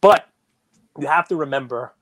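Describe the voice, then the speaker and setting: A man hosts a loose sports and card-collecting chat, rambling from point to point with plenty of fillers. His voice sits a little high. The recording is dry and close. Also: normal speed, fairly bright tone, no echo. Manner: rambling, conversational, frequent fillers. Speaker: podcast host.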